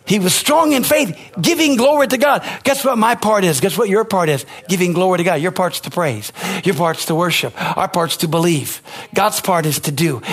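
Husky high-voiced preaching pastor. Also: male voice. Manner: emphatic, call-and-response preaching. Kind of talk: sermon.

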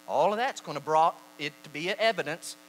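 A man preaching a sermon, reading scripture slowly and acting out the quoted voices with animation. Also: fairly high pitch, expressive, a bit bright, a little hiss or hum, low-quality recording. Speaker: pastor.

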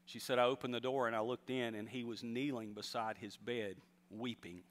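Male pastor, mid-pitched voice, storytelling sermon with emphatic swells, long hall reverb. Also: steady tone, normal speed. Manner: storytelling, rising to emphatic exhortation.

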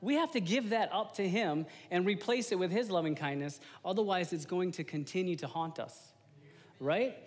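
A man in his thirties preaches in a loose, animated, slangy way, often talking straight to his congregation. His voice sits fairly high for a man. It carries a long reverb from a church hall. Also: fairly quick. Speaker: lay preacher giving a testimony. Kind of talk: informal sermon.

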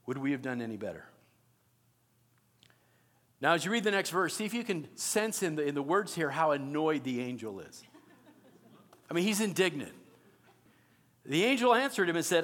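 Animated, high-voiced male preacher. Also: moderate pace, long pauses. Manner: conversational, animated, asks the audience questions. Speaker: pastor. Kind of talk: sermon.

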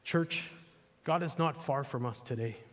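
This male pastor has a medium-pitched, somewhat bright voice and talks a little slowly. His sermon to the church is relaxed and conversational, sprinkled with "like" and "you know," and the echoey hall gives it a long reverb.

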